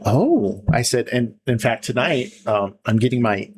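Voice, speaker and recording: A man's voice: mid-range voice, fairly quick, hardly any pauses. Chatty man telling a story, laughing. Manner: rambling, laughs often, acts out quoted voices. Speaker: podcast guest. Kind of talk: casual storytelling chat. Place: podcast studio.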